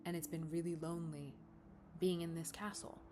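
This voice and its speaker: A woman's voice: deep voice, flat delivery, normal speed, background noise, close to an everyday voice. A woman voicing an older widowed queen mother, haughty and defensive, stammering when pressed, in a bedtime story. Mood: hesitant.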